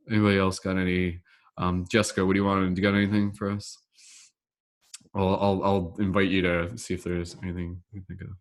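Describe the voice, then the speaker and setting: A man's voice: deep voice, steady tone, normal speed. A man hosting an online laughter meditation session on a video call, upbeat and rambling, with lots of "like" fillers. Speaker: host, laughter meditation facilitator. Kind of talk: casual online group session.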